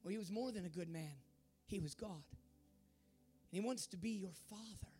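A man preaching a sermon in a fervent way, at times rising to shouts. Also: high-pitched, moderate pace, breathy edge, soft background music. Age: adult.

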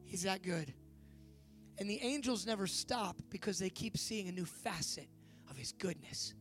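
A man in his forties giving a youth sermon, preaching with rising excitement and leading a fervent prayer. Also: sits high, moderate pace, faint music behind. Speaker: youth pastor. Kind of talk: sermon with altar call.

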